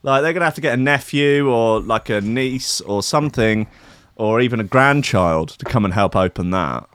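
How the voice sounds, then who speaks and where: A man in his thirties riffs crudely through casual comic chat, laughing often. His pitch leaps all over the place. The sound is dry and close. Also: lively intonation, moderate pace, a bit bright, clear, resonant tone, dry recording. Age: 30s. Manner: crude, laughing, riffing banter.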